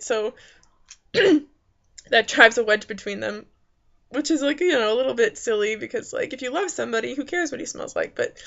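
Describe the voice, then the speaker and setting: Chatty woman with a gravelly edge. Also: a little high, fairly bright tone, highs cut off. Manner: rambling, many fillers and restarts. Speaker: movie reviewer. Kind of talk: casual spoken movie review. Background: faint background noises.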